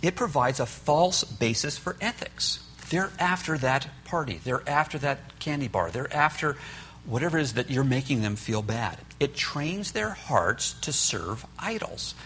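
A man's voice: medium pitch, expressive, a little slow, fairly bright tone, a little hiss or hum. A man teaching a church parenting class in an earnest storytelling manner, often acting out what parents and children say. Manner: earnest storytelling, acts out quotes. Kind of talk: sermon-style parenting class.

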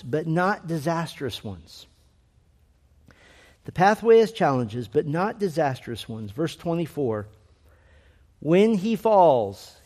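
A man preaching a sermon to his congregation, earnest and emphatic, slowing down to stress key phrases. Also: medium pitch, darkish tone. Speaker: pastor.

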